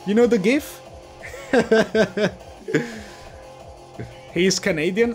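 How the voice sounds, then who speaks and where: A male streamer with a high-pitched voice gives live reaction commentary, bursting into excited shouts then dropping to low mutters. He talks in an unhurried way, with faint music playing behind him.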